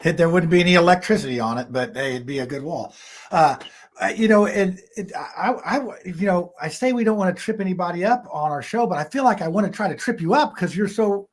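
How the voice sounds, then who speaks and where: A man hosting a live talk show in casual chat, rambling with many fillers and frequent chuckles. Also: high voice.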